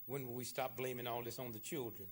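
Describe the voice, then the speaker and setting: Fiery, raspy man preaching in a lecture. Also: mid-range voice, level tone, fast talker. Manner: fiery, sarcastic, swings from shouting to hushed. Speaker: public speaker. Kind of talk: impassioned lecture. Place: lecture hall.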